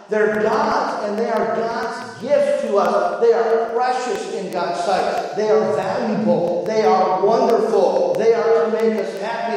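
A man preaching a sermon as pastor, swinging his voice up and down for emphasis. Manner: preaching with dramatic swings in pitch and loudness. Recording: echoey hall, voice from far off.

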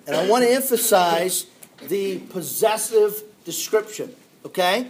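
A man with a notably high voice preaches a sermon to his congregation. He is middle-aged and earnest, with plenty of fillers and repeated phrases, and he slows down to stress key words. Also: lively intonation. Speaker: pastor.

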